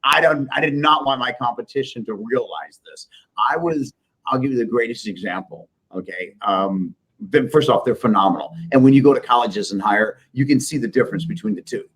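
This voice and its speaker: Husky-voiced emphatic businessman telling stories. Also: mid-range voice, a little fast, fairly bright tone, rough recording. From Midwest United States. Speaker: business owner guest. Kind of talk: casual interview storytelling.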